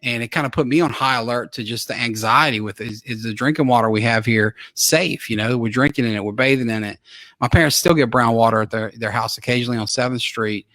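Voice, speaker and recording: A man's voice: mid-range voice, fast talker, fairly bright tone, dry recording. A man hosting a small-town live interview show, chatty and friendly, often chiming in with short replies. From Louisiana. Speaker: host.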